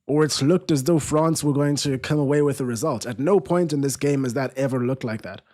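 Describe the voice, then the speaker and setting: A man's voice: mid-range voice, fairly quick, darkish tone. A man hosting a live football watchalong stream, chatting casually, restarting sentences and reading viewer comments aloud.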